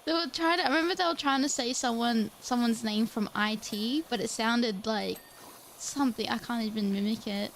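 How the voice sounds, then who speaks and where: A woman's voice: on the high side, normal speed, slight background noise. A woman from Australia, chatting casually on a game stream, swearing and laughing freely. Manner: laughs a lot, swears casually, mimics accents. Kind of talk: casual chat over gameplay.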